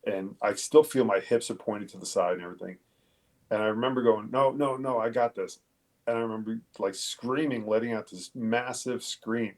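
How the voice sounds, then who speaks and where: Gravelly, low-voiced man telling his story. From Long Island, New York. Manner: halting, profane, with many fillers and restarts. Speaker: guest, police detective. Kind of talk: casual interview storytelling.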